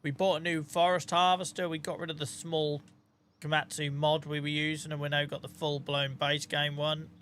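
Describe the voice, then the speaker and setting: A man's voice: fairly high pitch, little pitch movement, moderate pace, a bit bright, clean tone. A man live-streaming a farming game, chatting casually, swearing, and thanking viewers by name.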